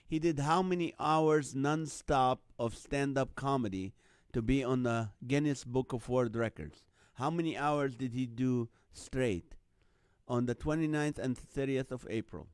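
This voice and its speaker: A man's voice: mid-range voice, unhurried, clear, resonant tone, dry recording, clean studio sound. A man from the Middle East hosting a casual live online show, reading out viewer comments and guesses with frequent laughter. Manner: jokey, laughs often, chuckling while reading names and numbers.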